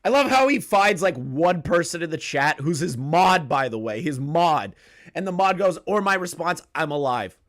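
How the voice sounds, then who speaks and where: A man's voice: on the high side, very animated, normal speed, fairly bright tone. A young man streaming a profane reaction commentary, ranting in disbelief with lots of swearing and frequent laughter. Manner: incredulous ranting, swears a lot, laughs often.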